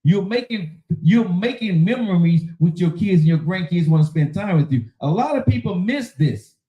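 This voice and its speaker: A man's voice: high-pitched, expressive, normal speed, dull audio. A man with a slightly raised voice lectures on marriage in a loose, slangy, emphatic way. He repeats his points and drives them home. The room adds a noticeable echo. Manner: preachy, emphatic, slangy, laughs often. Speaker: podcast host. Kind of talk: casual relationship talk.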